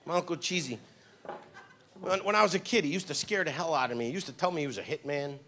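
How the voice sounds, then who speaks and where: A middle-aged man with a Boston accent doing a stand-up comedy routine, with wry, quick asides to the crowd. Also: on the high side, noisy background.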